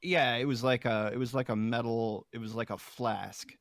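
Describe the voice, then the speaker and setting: A man's voice: mid-range voice, fairly even intonation, normal speed, fairly bright tone, dry recording, clean studio sound. A man playing a tabletop game, speaking in character with hesitant fillers. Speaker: player. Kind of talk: casual tabletop play.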